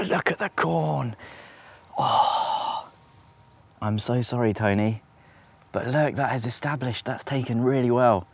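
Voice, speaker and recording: A man with a fairly low voice chats away to a handheld camera while walking around his allotment outdoors. His talk rambles and often breaks into laughter. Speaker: allotment vlogger. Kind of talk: casual talk to camera while touring a garden plot.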